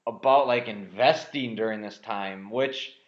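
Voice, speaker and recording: A man's voice: lowish voice, measured pace. A man co-hosting a casual podcast, talking bluntly about sports and news and swearing often. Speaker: podcast co-host. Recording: roomy, slightly dull lo-fi audio.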